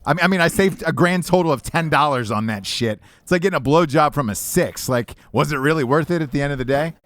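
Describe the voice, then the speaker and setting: A man's voice: a little high, fast talker, fairly bright tone, no room sound. Profane rambling podcast host, a man. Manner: rambling and profane, with many restarts. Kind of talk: casual profane chat.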